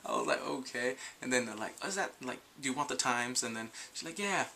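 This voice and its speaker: A young man talks through a TV episode in a loose, rambling review. His voice has a gravelly edge and a bright, forward tone. He keeps acting out scenes in quoted voices, and faint room noise sits behind him. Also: medium pitch, expressive, a little fast. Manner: rambling, goes off on tangents, often laughs. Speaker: video reviewer.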